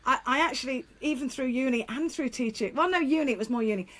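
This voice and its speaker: Casual storytelling comes from a middle-aged woman with a high voice, a former teacher now appearing as a guest speaker in an interview. She's lively and candid, with laughs and quick restarts.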